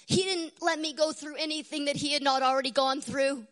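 A woman preaching a devotional sermon with a strained voice, dropping to hushed whispers and then rising to loud, fervent exclamations. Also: high-pitched, fairly even intonation, a little fast.

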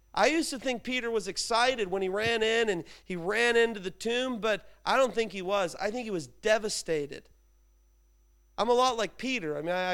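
A man delivers a sermon in an easygoing, chatty way, full of asides to the congregation. His voice sits high and rings clear and smooth. He tells his stories as if he were talking with friends. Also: fairly bright tone. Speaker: pastor. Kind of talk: conversational sermon.

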